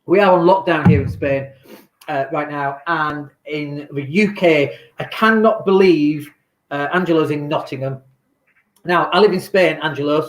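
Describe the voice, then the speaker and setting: A chatty man talks loosely on a home livestream, drifting between topics and answering viewer comments. His voice sits fairly high for a man, and the room around him rings with echo. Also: animated, moderate pace. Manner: chatty, rambling, reads viewer comments aloud. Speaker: property investor vlogger. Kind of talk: casual livestream talk. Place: home in lockdown. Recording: echoey room.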